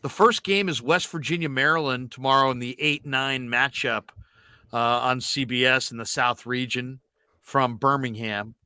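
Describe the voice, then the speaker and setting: A man hosting a sports talk show, telling stories with animated, shouted impressions of callers. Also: mid-range voice, normal speed, clean tone, dry recording, studio quality. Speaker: sports radio host.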